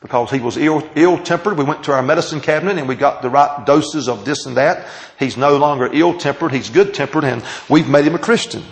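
Gravelly-voiced preacher teaching a class. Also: male voice, a little high, low-quality recording. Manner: emphatic, drawn-out phrases, asks the audience questions. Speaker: pastor teaching a Bible class. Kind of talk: sermon. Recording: taped sermon.

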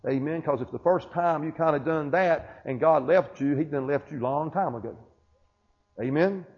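A pastor preaches a sermon in a somewhat high, darkish voice with a breathy edge, speaking at normal speed. He calls out to the congregation in call-and-response style, repeating questions and asking "Amen?" The church recording is dull and lo-fi.

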